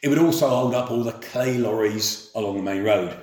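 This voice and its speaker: A middle-aged man from England telling memories of his youth in an unhurried, plain-spoken way. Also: medium pitch, a little mellow. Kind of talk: spoken memoir. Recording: roomy echo.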